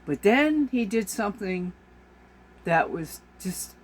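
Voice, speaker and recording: A woman's voice: medium pitch, big pitch swings, slow, slight background noise. A woman vlogger delivers an exasperated, emphatic rant to camera, repeating her points for force. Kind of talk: ranting monologue to camera.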